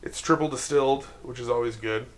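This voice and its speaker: A man's voice: mid-range voice, steady tone, a little fast. A man co-hosting a casual podcast, chatty and rambling, laughing often. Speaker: podcast co-host. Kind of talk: casual chat.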